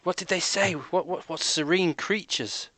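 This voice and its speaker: A man's voice: high voice, normal speed, bright, forceful tone, no room sound. A man playing a tabletop game, making wry, teasing comments. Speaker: player. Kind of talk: casual tabletop game play.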